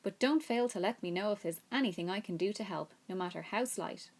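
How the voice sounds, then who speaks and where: A woman reading a storybook aloud, voicing a timid, eager young male pig in a gentle, pleading way. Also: medium pitch, fairly quick, lightly acted. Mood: anxious.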